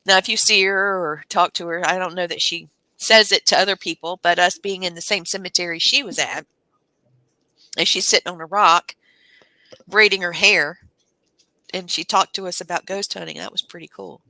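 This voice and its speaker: A woman's voice: fairly low pitch, steady tone, moderate pace, sharp tone, no room sound. A woman co-hosting a casual podcast, chatty and asking her guest questions. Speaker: co-host.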